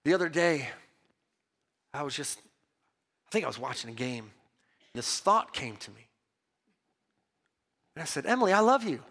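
A man preaching a sermon as pastor, emphatic and lively, mixing Bible reading with personal stories told with restarts. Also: medium pitch, unhurried, long pauses. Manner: repeats words and restarts when telling stories.

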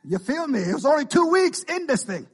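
A man preaching a sermon as pastor, animated, with frequent call-and-response asides to the congregation. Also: very high-pitched, brisk.

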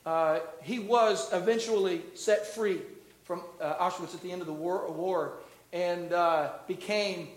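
A middle-aged man preaching a sermon as a pastor, asking the congregation questions, building to loud emphatic peaks and dropping low and soft. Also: a little slow, roomy sound, poor audio. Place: church.

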